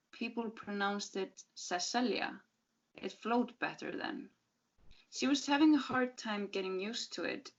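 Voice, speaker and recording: Woman, literary reading, measured, small self-corrections, dull call audio. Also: mid-range voice, a bit bright. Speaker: reader at a literary event. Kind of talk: reading a short story aloud.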